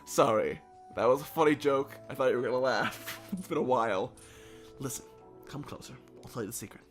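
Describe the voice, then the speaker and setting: A man's voice: mid-range voice, moderate pace, soft background music, close to an everyday voice. A man voicing a withered, rude old king in a game playthrough, who rambles and laughs at his own remarks. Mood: secretive. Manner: rambling, crude, keeps laughing at himself.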